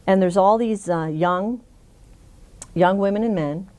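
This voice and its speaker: A woman's voice: mid-range voice, measured pace, a little mellow. A middle-aged woman in an oral history interview, telling a funny story with frequent laughs. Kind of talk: conversational storytelling.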